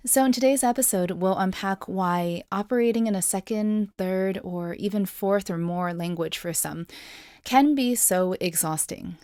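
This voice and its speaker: A woman hosts a podcast in a measured, emphatic voice, her pitch sitting in an ordinary middle range. The sound is dry and close, with no room around it. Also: a little mellow, no room sound. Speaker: podcast host. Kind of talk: reflective podcast narration.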